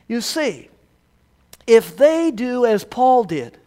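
Man preaching a sermon, really high smooth voice, asks questions and gets quiet and low at the ends. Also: very animated, takes it slowly. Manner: emphatic, poses rhetorical questions, drops to soft low phrases. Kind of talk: expository sermon on a Bible letter.

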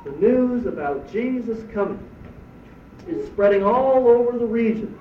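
A man's voice: sits high, measured pace, a little hiss or hum. A man giving a sermon as a pastor, preaching emphatically with rhetorical questions. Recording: echoey distant dull church recording.

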